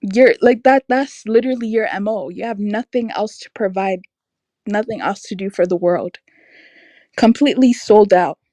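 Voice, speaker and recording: Speaking at a normal pace in a dark, mid-range voice, a young woman delivers a casual opinion rant on her stream. Exasperated and emphatic, she laughs often and leans heavily on "like," with no room sound in the recording.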